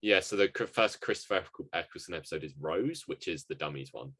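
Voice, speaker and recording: A man co-hosting a casual podcast chat, self-mocking and quick to laugh. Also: low-pitched, animated, fairly bright tone, husky. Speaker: podcast co-host and editor.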